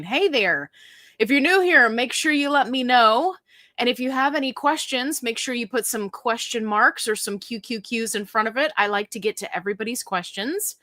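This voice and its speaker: A woman's voice: on the high side, sharp tone, dry recording, clean studio sound. A woman hosting a casual live stream, chatting and greeting viewers by name in a bubbly, upbeat way. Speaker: livestream host.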